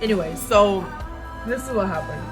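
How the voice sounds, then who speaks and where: Young woman, chatty and rambling, self-mocking, makeup vlog, clear background music. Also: mid-range voice, expressive, normal speed. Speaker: beauty vlogger. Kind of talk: casual storytelling while doing makeup.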